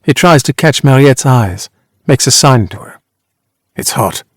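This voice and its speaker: A man narrating a literary novel in a measured, even reading voice. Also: medium pitch, no echo, clean studio sound. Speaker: audiobook narrator.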